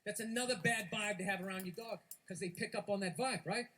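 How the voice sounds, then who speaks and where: A man's voice: sits high, fairly quick, bright, forceful tone. Profane, ranting male comedian. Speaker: stand-up comedian. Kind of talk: stand-up comedy. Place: comedy stage.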